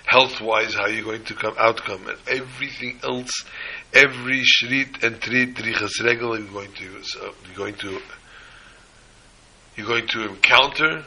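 A man preaching a sermon, telling a story with lively emphasis. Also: on the low side, a little slow, breathy edge, low-quality recording. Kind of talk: sermon with a told joke.

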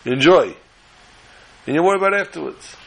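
A man voicing a sly, scheming fox in a storytelling parable, coaxing and persuasive, with a gravelly, husky voice. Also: on the high side, animated, a little fast, pitched above the performer's own voice, poor audio. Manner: coaxing, wheedling.

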